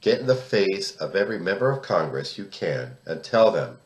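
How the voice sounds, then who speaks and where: A man's voice: sits low, very animated, normal speed, reverberant. A man of about sixty, from the United States, giving political commentary in an emphatic, indignant way, often repeating words and restarting his sentences. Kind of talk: solo commentary to camera.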